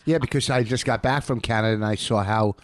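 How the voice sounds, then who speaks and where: A man's voice: lowish voice, quick pace, no room sound. A middle-aged man co-hosting a podcast in casual, bickering chat, teasing and needling his partner. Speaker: podcast co-host.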